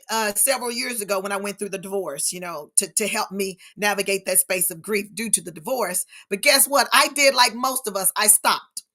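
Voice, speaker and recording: Middle-aged woman, live-stream host, chatty and animated, bright, fairly high voice. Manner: animated, addresses viewers as y'all. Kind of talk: casual live-stream talk to viewers.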